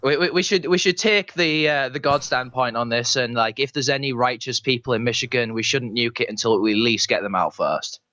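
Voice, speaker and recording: A man's voice: medium pitch, brisk, few pauses, pushed and bright, dry recording, dull audio. A man from East Yorkshire with a Yorkshire accent, a caller chatting hesitantly over a headset. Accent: Yorkshire English. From East Yorkshire, England. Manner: hesitant, many restarts. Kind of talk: casual chat on a call.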